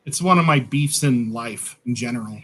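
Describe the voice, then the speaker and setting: A man co-hosting a casual livestream, chatty and quick to laugh. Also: mid-range voice, fairly bright tone, slightly rough. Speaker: co-host.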